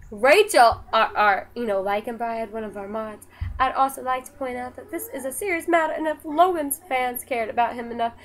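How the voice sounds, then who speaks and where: A woman's voice: fairly high pitch, fairly quick, low-quality recording. A young woman casually chatting on a live stream as she reads and answers viewer comments. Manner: chatty, scolding her dogs between comments. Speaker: vlogger reading live comments.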